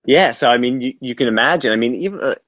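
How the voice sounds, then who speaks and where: A man's voice: mid-range voice, animated, fast, fairly bright tone, no echo. A man co-hosting a podcast, chatting casually and a bit hesitantly about a TV show. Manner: hesitant, lots of fillers and restarts. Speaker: podcast co-host. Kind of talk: casual TV discussion chat.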